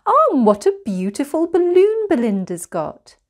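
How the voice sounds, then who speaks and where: Woman playing a gentle mum bear, soft and lilting, bedtime story style. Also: high voice, big pitch swings, a little slow, voice pushed up. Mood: pleased. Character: kind gentle mother bear.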